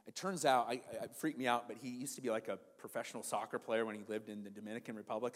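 Man, 40s, pastor preaching a sermon, shifts from loud to quiet, church hall reverb. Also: mid-range voice, rapid-fire, few pauses. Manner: swings from loud preaching to soft storytelling.

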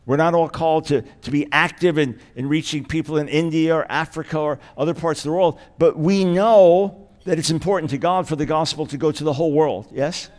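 A man's voice: fairly high pitch, a little fast, hardly any pauses, darkish tone. A man as guest preacher delivering a sermon, emphatic and repeating key words for weight.

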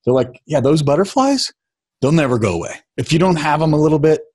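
A man's voice: a little high, fairly quick, breathy edge. A middle-aged man telling a personal story in a casual chat, acting out what others said. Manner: animated storyteller, acts out quotes. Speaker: guest.

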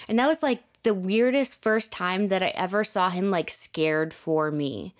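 A young woman with a slightly low voice recounts a personal story in relaxed podcast chat. She leans on fillers like "like" and lets her voice sink softer when she turns reflective. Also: a little slow. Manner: chatty, many fillers like "like", dips to soft reflective tones. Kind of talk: personal storytelling in casual conversation.

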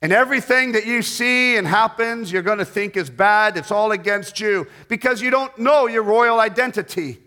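Older male pastor with a high, bright voice, moving between quiet prayer and lively storytelling. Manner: swings from hushed prayer to loud, fast storytelling. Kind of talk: sermon.

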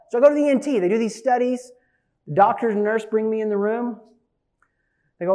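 A man in his forties preaching a sermon, an animated storyteller who swings from loud bursts to hushed asides. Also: high-pitched, fast, long pauses. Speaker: pastor.

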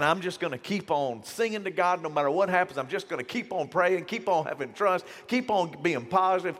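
A man preaching a sermon as pastor, casual and animated, slipping into slang and acting out the voices of people in his stories. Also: medium pitch. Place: church hall. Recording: church hall with long reverb.

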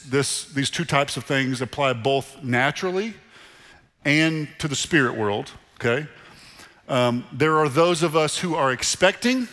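A middle-aged man preaching a sermon to a church congregation in a conversational, animated way, repeating phrases for emphasis. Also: fairly high pitch. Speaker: pastor. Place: church sanctuary. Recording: long reverb of a large hall. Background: congregation in the room.

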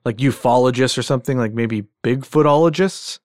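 A laid-back man co-hosts a casual podcast and drops in short questions. His voice sits at a middle pitch. The recording is close and dry. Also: brisk, a little mellow, no room sound. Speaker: podcast co-host. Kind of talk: casual chat.

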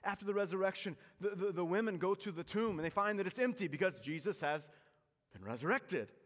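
A man delivering a dramatic sermon, his voice a touch higher than most men's. He swings between loud, pressing emphasis and quiet, hushed phrases, and a long reverb trails through the large hall. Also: expressive, brisk. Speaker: pastor.

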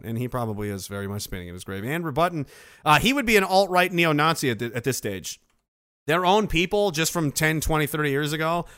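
A man's voice: medium pitch, fairly bright tone, dry recording, studio quality. A middle-aged man hosting a casual livestream, reading out viewer messages and reacting with sarcastic, swearing rants. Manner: sarcastic, ranting, swears freely.

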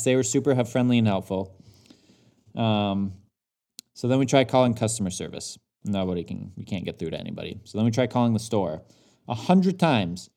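A man co-hosting a podcast, telling a story in casual chat and getting worked up as he goes. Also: medium pitch. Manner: animated, gets worked up, mimics others in his story. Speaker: podcast co-host.

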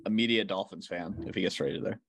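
A man's voice: low voice, fairly quick, creaky, noisy background. A man co-hosting a casual sports podcast, laid-back and making dry quips. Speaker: podcast co-host.

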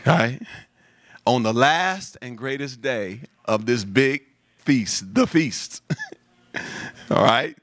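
A pastor preaches a lively sermon, repeating phrases and calling out to the congregation in call-and-response. His medium-pitched voice is slow with frequent pauses, and there's no echo.

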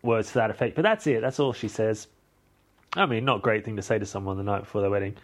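A man's voice: fairly low pitch, fast talker. A man hosting a podcast, recapping a film in a rambling, casual way with swearing and self-corrections. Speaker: podcast host.

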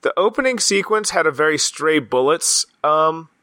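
A man on a casual anime podcast with a slightly higher, bright voice, recorded dry and close. He riffs in exasperated, joking rants and swears freely. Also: animated, normal speed, no echo. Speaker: podcast co-host.

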